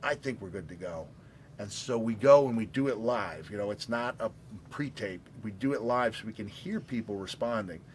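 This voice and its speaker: A middle-aged man with a somewhat low voice tells long, rambling stories in a casual way. He often stops on fillers and restarts his sentences. A faint noise sits under his voice. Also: expressive, normal speed. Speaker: guest storyteller at an auction. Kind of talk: casual storytelling.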